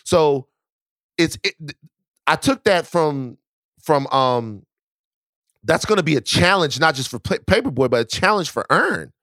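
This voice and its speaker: A man's voice: fairly high pitch, animated, measured pace, long pauses, pushed and bright, dry recording, studio quality. A man from Baton Rouge co-hosting a podcast, telling stories in a loose, profane, casual way with lots of restarts. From Baton Rouge, Louisiana. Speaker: podcast co-host.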